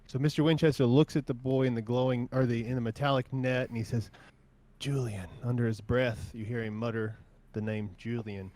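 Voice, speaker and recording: A man running a tabletop game as game master. He narrates in a laid-back way, padded with hedging fillers, at an average pitch. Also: darkish tone.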